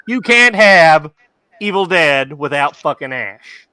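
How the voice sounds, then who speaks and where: Bright, crisp-voiced man with blunt opinions. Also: a little high, animated, takes it slowly, no room sound. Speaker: podcast co-host. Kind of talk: casual chat.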